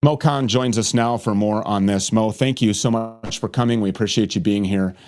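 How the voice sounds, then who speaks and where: A man hosting an online talk show, introducing and welcoming an interview guest in a measured, emphatic way. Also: lowish voice, darkish tone.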